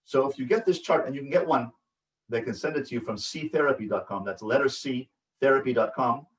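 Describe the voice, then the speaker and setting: A man's voice: medium pitch, a little fast. A man, a rabbi, giving a parenting lecture in an emphatic, repetitive way that keeps checking in with his listeners. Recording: echoey room, voice from a distance.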